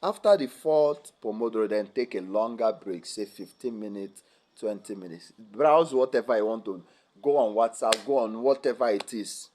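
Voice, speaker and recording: A young man speaking at a student seminar, lively and teasing, often checking whether the audience follows. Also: fairly low pitch, normal speed, a little hiss or hum. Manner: lively, teasing, asks the audience rhetorical questions. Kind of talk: motivational academic seminar talk.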